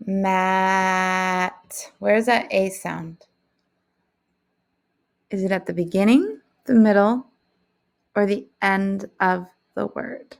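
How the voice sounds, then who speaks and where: A woman's voice: mid-range voice, steady tone, creaky. A woman teaching a phonics lesson to young children, speaking in a patient, encouraging way. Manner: slow, patient, encouraging classroom delivery.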